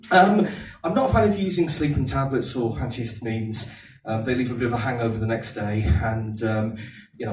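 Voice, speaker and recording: A man's voice: mid-range voice, a little mellow. A man with an Aldershot accent, getting over a cold, doing a chatty, self-mocking stand-up set and teasing the audience. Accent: Aldershot English. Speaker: stand-up comedian. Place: comedy venue with a live audience. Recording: echoey room, distant mic, audience laughter.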